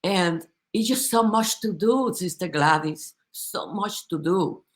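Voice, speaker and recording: A woman's voice: fairly low pitch, takes it slowly. A woman giving a heartfelt, impassioned testimony in a group conversation, emotional and often restarting her sentences. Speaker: company supporter giving a testimony.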